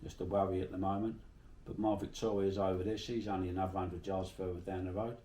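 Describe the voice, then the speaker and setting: A man's voice: low voice, little pitch movement, fast, mellow, reverberant, distant mic, slight background noise. A middle-aged man from Bermondsey with a South London accent, telling salty stories in a casual interview. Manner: chatty, salty, swears freely while telling anecdotes.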